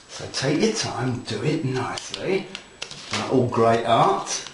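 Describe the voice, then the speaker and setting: A man's voice: mid-range voice, sing-song, slow. Chatty, enthusiastic hobbyist man in an echoey room. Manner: chatty, playful and enthusiastic, talks to viewers while working. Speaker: model railroad hobby instructor. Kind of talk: casual hands-on tutorial. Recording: echoey room with faint noise.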